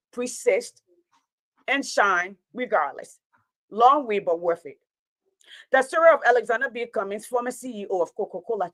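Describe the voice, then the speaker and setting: A woman's voice: medium pitch, no echo, low-quality recording. A woman, a teacher talking straight to her online audience in an impassioned, preachy monologue, repeating her points for emphasis.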